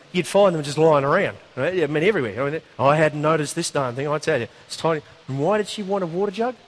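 A man preaching a sermon, telling a story in a conversational, animated way with asides. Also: on the high side.

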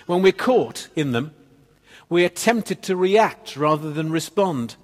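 A man delivers a sermon in a slightly higher voice, telling small stories and letting his phrases sink to a hush at their ends. His voice rings in a church hall with a long reverb tail. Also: expressive, unhurried. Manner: storytelling, trailing off to quiet ends of phrases. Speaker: preacher.

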